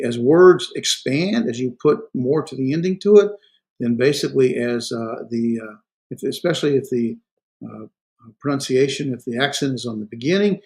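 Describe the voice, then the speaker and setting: A man teaching a recorded language class, explaining grammar with many fillers and self-corrections, and slowing down to sound out words syllable by syllable. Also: mid-range voice, a little mellow, low-quality recording. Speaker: Hebrew instructor.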